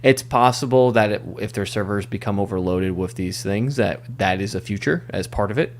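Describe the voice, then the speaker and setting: A man hosting a gaming podcast, chatting in an upbeat way with quick bursts and filler words. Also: fairly low pitch, a little hiss or hum. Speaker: podcast host. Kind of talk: casual chat.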